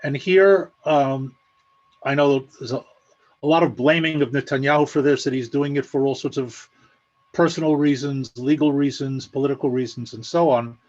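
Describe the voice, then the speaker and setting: A man giving a measured, explanatory analysis with dry, sarcastic asides over a video call. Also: mid-range voice, steady tone, a little mellow, highs cut off. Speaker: guest analyst. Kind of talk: spoken analysis at an online meeting.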